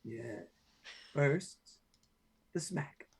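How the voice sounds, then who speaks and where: A man's voice: a little high, animated, drawn-out words, husky. A man playing a tabletop game online, loopy and joking while on cold medicine. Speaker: player.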